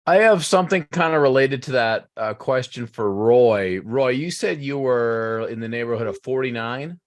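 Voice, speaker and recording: A man's voice: medium pitch, expressive, normal speed. A man co-hosting a casual podcast over beers, teasing and telling rambling jokes. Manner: joking, rambling storyteller. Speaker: podcast co-host.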